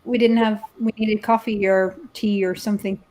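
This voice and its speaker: A woman's voice: mid-range voice, little pitch movement, moderate pace, darkish tone. A woman with a Dublin Irish accent, hosting a casual chat and often stammering and repeating herself. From Ireland. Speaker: host.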